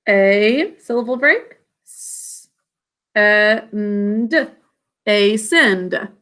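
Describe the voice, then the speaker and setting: Woman, elementary teacher, spelling lesson; slow and bright, sounds out every syllable. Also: mid-range voice, animated. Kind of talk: online spelling lesson for children.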